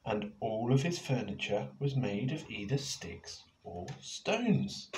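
Man reading a picture book aloud, slow and lively. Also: medium pitch, slight background noise. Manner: expressive, playful, asks the children questions. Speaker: author reading his book. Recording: echoey room.

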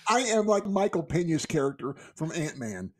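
A man co-hosting a casual book discussion podcast, excitable and rambling, breaking into laughter often. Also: fairly high pitch, normal speed. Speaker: podcast co-host.

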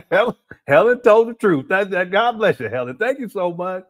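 A man's voice: high-pitched, expressive, normal speed. A man hosting a casual livestream, reading the chat aloud, laughing often and using slang as he calls his viewers family.

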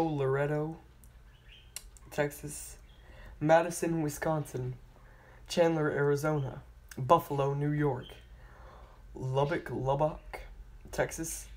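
Slow careful reader of place names, apologetic, monotone delivery, retries tricky names. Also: mid-range voice. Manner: slow and careful, stumbling and retrying hard names; apologetic about pronunciation. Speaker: channel host. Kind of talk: reading out a list of place names.

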